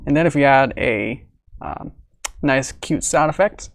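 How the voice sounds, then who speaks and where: A man's voice: mid-range voice, unhurried, gravelly, dry recording. Giggly, rambling man on a stream. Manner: rambling, giggly, many fillers. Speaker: animator streaming his work. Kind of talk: casual livestream chat.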